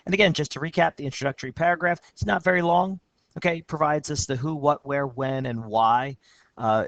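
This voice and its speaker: A man's voice: mid-range voice, vocal fry, a bit bright, no echo. A male teacher walks through a student essay in a recorded lesson, reading passages aloud and commenting with upbeat energy. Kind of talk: recorded lesson with screen walkthrough.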